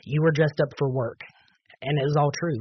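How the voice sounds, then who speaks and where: A man's voice: on the high side, fairly even intonation, brisk, highs cut off, a little hiss or hum. A man on a podcast telling a personal testimony, earnest and full of fillers and restarts. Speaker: podcast guest.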